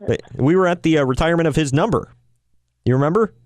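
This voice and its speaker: A man's voice: on the high side, quick pace, darkish tone, no echo, clean studio sound. A man co-hosting a podcast in casual chat, jokey and teasing, laughing often. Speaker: podcast co-host.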